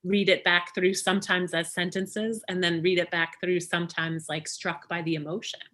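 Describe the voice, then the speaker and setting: A woman's voice: lowish voice, level tone, normal speed, a bit bright. A woman author chatting casually as a guest, rambling with lots of fillers and restarts. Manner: rambling, many "you know" and "like" fillers, restarts. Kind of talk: casual chat.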